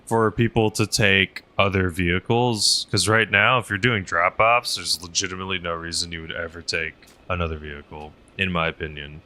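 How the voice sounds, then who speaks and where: A man's voice: low voice, fairly even intonation, normal speed, few pauses, bright, forceful tone. A young man streaming a game, chatting casually while he flies and reads chat, rambling with lots of fillers. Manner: rambling, filler-heavy, laughs often. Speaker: streamer flying a helicopter.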